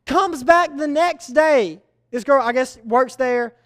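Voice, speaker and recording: A man's voice: very high-pitched, takes it slowly, fairly bright tone. A man preaching a sermon as a youth pastor, telling stories with energy and repeating his key phrases.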